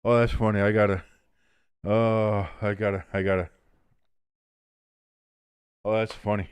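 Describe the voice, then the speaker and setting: A man's voice: fairly low pitch, little pitch movement, measured pace, smooth, no room sound. A man hosting a live sports watch-along, rambling and teasing a friend between bits of play-by-play.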